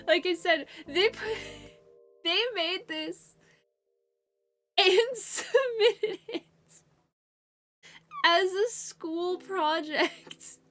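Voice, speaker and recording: A young woman streamer chatting casually with her viewers and telling a story. She is animated and laughs often, jumping from loud bursts to mumbled asides. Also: very high voice, extremely slow, long pauses. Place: home streaming setup. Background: faint background music.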